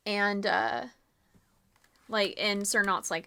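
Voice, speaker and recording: A woman streamer narrates a live murder mystery game. She talks in a loose, chatty way full of fillers, in a middle pitch. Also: slow pace, a bit bright.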